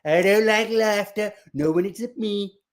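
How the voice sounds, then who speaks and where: A man's voice: sits high, measured pace, pitched above the performer's own voice. A man doing a mocking impression of an angry, boastful older male politician who rants petulantly.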